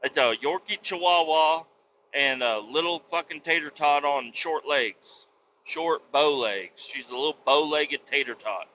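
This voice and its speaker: A man's voice: on the high side, unhurried, pushed and bright, dull audio, slight background noise. A man telling stories in a casual, profane, rambling monologue as the host, talking from his truck. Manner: profane, blunt storytelling. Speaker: podcast host.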